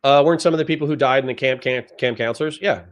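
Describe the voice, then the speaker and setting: A man's voice: mid-range voice, quick pace. A man on a livestream reading chat comments aloud and answering them in a blunt, profane, lecturing rant.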